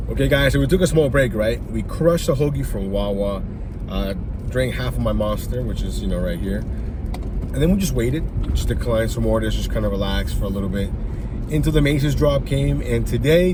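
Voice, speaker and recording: A man talking casually to his viewers from inside his car while driving deliveries. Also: lowish voice. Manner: chatty, laughs while telling stories. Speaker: delivery driver vlogger. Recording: noisy car interior. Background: road and car noise.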